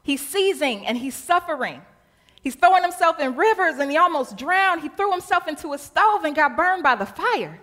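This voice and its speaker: Desperate pleading father, read by a woman, bright and lively, echoing in a sanctuary. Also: extremely high pitch, moderate pace, pitched above the performer's own voice. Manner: pleading, emphatic. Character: desperate father begging for his sick son.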